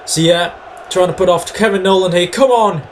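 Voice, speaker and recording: A man hosting a gaming video, giving chatty play-by-play of his own match and breaking into excited shouts when goals go in. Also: sits high, quick pace, slight background noise. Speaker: gaming channel host. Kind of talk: video game commentary.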